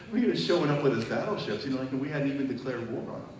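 A man preaching to a congregation, emphatic and chatty, often checking in with the audience. His voice is mid-pitched and heard from a distance. The sound is washed in a strong echo from a large hall, with faint ambient noise behind him. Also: animated, fast talker. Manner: emphatic and conversational, often asks the audience questions. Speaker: preacher giving a testimony. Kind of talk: sermon testimony. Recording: very echoey hall, mic far off.

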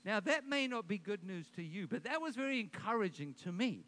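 A man's voice: high-pitched, very animated, a little fast, pushed and bright. A middle-aged man preaching a sermon as pastor, building points with emphatic repeated declarations and dropping in joking asides.

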